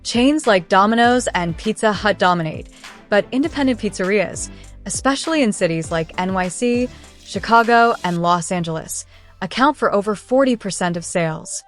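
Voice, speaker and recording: A woman reads a scripted fact countdown at a mid pitch, smooth and steady with no fillers or slips. Soft music sits faintly beneath her. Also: normal speed. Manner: smooth, evenly paced read with no fillers. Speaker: narrator. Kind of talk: scripted documentary-style narration.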